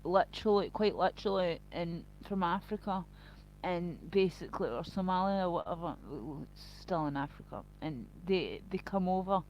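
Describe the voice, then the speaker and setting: A woman's voice: fairly low pitch, normal speed, darkish tone, slight background noise. A woman chatting live to her stream viewers in a rambling, crude and profane way. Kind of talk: casual live-stream chat. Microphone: cheap built-in mic. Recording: dull lo-fi home stream audio.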